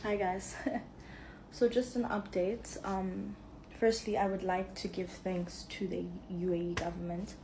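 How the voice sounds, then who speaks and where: A South African woman gives an earnest, measured update in a vlog. Her voice sits at a middle pitch, with faint background noise. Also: flat delivery.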